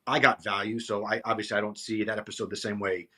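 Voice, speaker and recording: A man's voice: lowish voice, flat delivery, quick pace, pushed and bright, husky. A man co-hosting a podcast in casual chat, easygoing and earnest. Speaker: podcast co-host.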